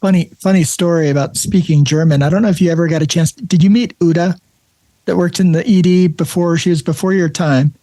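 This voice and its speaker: A man's voice: on the high side, fairly even intonation, brisk, mellow, no room sound. A man hosting an interview as an emergency nurse, telling friendly stories and often laughing. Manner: friendly storyteller, laughs often, repeats words. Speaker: podcast host, emergency nurse. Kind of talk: casual interview chat.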